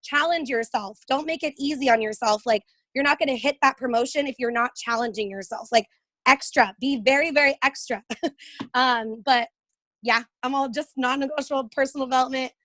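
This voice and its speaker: A woman with a high voice delivers an emphatic motivational pep talk on a group call. She drives her points home by repeating commands, with plenty of casual fillers. The sound is dry and close, with no room echo. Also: brisk, fairly bright tone.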